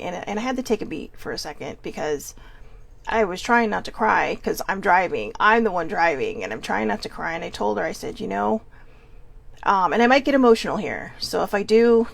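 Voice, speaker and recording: Gravelly-voiced woman, halting candid vlog. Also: medium pitch. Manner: halting, searching for words, frequent restarts; earnest and open. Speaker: vlog host.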